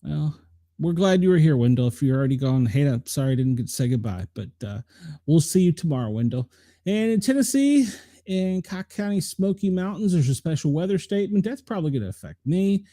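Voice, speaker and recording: Host: middle-aged man, dark mellow tone, lively pitch, chatty and rambling. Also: fairly quick, no room sound, studio quality. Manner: chatty, rambling, talks to viewers by name. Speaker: show host reading the weather. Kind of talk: casual live-stream weather rundown.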